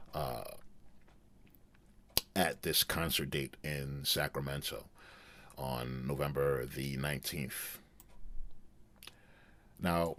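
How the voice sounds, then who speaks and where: A man hosting a casual commentary video, talking in a rambling, halting way with many restarts. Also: extremely low pitch, a bit bright, no echo. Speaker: commentary host.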